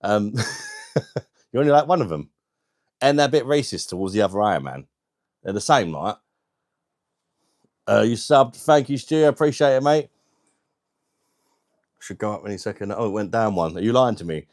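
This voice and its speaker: A man's voice: fairly low pitch, sing-song, normal speed, long pauses, darkish tone, no room sound, clean studio sound. Chatty man hosting a live stream. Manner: chatty, laughs often, greets viewers by name. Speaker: livestream host. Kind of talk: casual live stream chat. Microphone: wireless mic.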